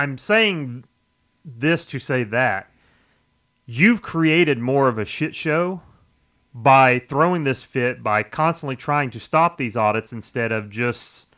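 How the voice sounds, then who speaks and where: A man's voice: mid-range voice, bright, forceful tone. A man co-hosting a podcast, arguing his point emphatically in a casual political chat. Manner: emphatic, argumentative. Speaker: podcast co-host.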